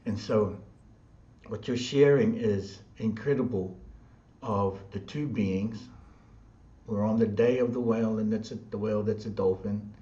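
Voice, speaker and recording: Slow repetitive New man, echoey. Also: on the low side, fairly even intonation, warm tone. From New Zealand. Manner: slow, repetitive, chant-like phrasing. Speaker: spiritual teacher. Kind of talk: spiritual talk. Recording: dull sound in an echoey room.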